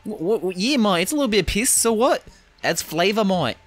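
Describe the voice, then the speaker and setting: A man's voice: high voice, lively intonation, a little fast, soft background music, pitched above the performer's own voice. A man putting on a voice for a garbage-loving raccoon character, speaking in an exaggerated mock accent with "mate" after every few words. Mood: gleeful.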